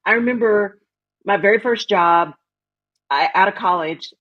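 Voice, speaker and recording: A woman's voice: mid-range voice, measured pace, fairly bright tone. A woman from Texas hosting an interview show, telling a personal story and affirming her guest. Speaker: host. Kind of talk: casual interview talk, storytelling. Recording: dull lo-fi audio.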